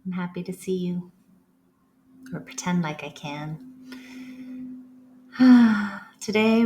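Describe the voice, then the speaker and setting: A woman gently leading a guided breathing practice, with slow, soothing instructions. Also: on the low side, a little hiss or hum.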